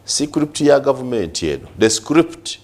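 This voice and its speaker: A man's voice: medium pitch, big pitch swings, a little slow, a little mellow. A Ugandan man on a press review talk show, arguing hard and firing off rhetorical questions, switching between English and Luganda. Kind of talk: studio press review debate.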